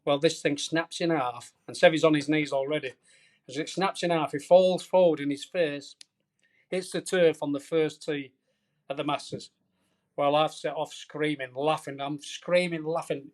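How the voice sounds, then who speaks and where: Middle-aged male caddie, a lively raconteur with a slightly high voice, telling stories in a podcast interview. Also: normal speed. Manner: animated, colorful storyteller. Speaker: veteran golf caddie, podcast guest. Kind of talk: storytelling anecdote in a podcast interview.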